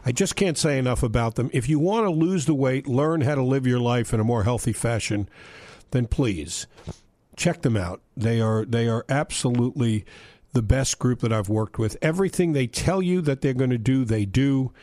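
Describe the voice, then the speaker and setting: A man's voice: medium pitch, moderate pace, dark tone, no room sound. An older man hosting a casual radio show, chatting and telling stories, sometimes reading an endorsement. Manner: chatty, storytelling, reads an endorsement. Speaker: radio host.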